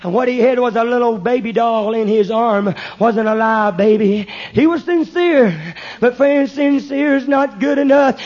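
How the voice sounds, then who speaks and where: A man preaching a fiery hellfire sermon, calling listeners "friend" and rising into shouts. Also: very high voice, a little slow. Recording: dull lo-fi recording.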